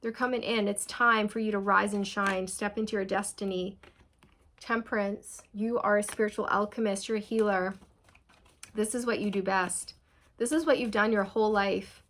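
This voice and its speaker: A young woman speaks directly to her audience as she works through a tarot reading. She is casual, chatty and earnest, and her voice sits at a middling pitch. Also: fairly even intonation, moderate pace, fairly bright tone. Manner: chatty, earnest, addresses viewers as "you guys". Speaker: tarot reader.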